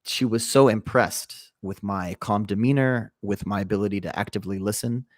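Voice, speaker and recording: Man, low voice, dry close sound, relaxed rambling storyteller, livestream host. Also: moderate pace, no room sound. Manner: calm, rambling anecdotal delivery with fillers. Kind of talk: casual storytelling to a live chat.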